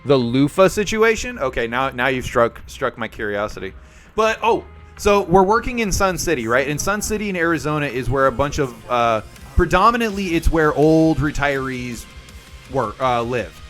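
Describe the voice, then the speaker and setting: A man's voice: mid-range voice, normal speed, faint music behind. A young man hosting a live stream, telling a story in casual chat with viewers and acting out the voices in it. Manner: animated, acts out voices in his stories. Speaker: livestream host.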